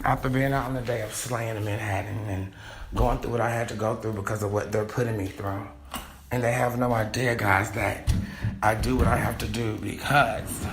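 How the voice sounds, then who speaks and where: A man hosting a solo podcast from home, talking in an excitable, scattered and heated way. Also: lowish voice, slight background noise. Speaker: podcast host. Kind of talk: rambling solo podcast monologue.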